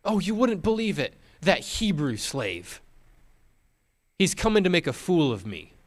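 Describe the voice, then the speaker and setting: A man's voice: on the high side, big pitch swings, a little slow, pitched above the performer's own voice. A man putting on a scheming, wronged-sounding woman. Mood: aggrieved. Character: scheming adult woman, falsely accusing.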